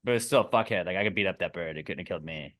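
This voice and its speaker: A man hosting a podcast with joking, rambling talk and deadpan asides, reading listener questions. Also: low voice, racing. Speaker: podcast host. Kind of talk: casual podcast banter.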